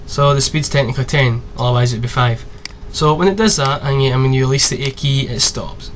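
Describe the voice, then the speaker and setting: A man in his twenties giving a casual, rambling tutorial, chatty and quick to swear. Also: mid-range voice, slight background noise. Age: 20s. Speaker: video tutorial host. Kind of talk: casual screen-recorded tutorial.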